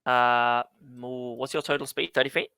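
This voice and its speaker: A man's voice: medium pitch, steady tone, moderate pace, creaky, sharp tone, clear, resonant tone, no echo. A man narrating as dungeon master in a tabletop game, loose and laughing as he jokes with his players.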